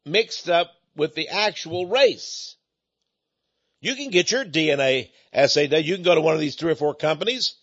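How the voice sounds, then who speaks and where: A man's voice: on the high side, breathy edge, muffled recording. A man from Texas with an East Texan accent, giving a folksy, emphatic preaching monologue.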